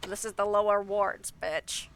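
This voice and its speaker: A man's voice: high-pitched, flat delivery, measured pace, fairly bright tone, a little hiss or hum. A woman voicing a blunt streetwise young man who rents out safe rooms, in a pinched nasal voice with casual swearing. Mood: curt.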